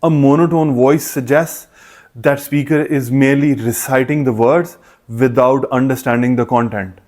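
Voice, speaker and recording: A man's voice: mid-range voice, fairly even intonation, moderate pace, darkish tone. A man teaching exam preparation in a methodical, scripted way, listing points one by one. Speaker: test prep instructor. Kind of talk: scripted instructional explanation.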